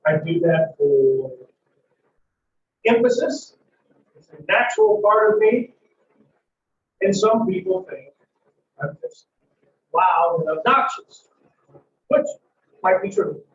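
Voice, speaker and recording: Male lecturer, high voice and unhurried, loud and emphatic with big vocal swings, recorded from across an echoey classroom. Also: very animated. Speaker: psychology lecturer. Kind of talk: classroom lecture with acted scenarios. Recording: echoey lecture hall, dull mic from far off.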